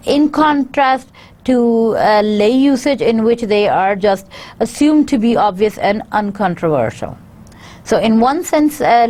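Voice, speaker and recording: A woman university lecturer, reading through slides in a halting way with frequent filler pauses. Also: on the high side, a little mellow. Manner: halting, many filler pauses, reads out word lists.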